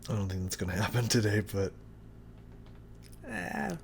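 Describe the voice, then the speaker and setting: A man vlogging a hot sauce tasting to his viewers, talking casually and haltingly as he describes the burn. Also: fairly low pitch, big pitch swings, creaky, slight background noise. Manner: talks through the burn, halting and drawn out. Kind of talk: casual chat to camera. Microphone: new studio mic.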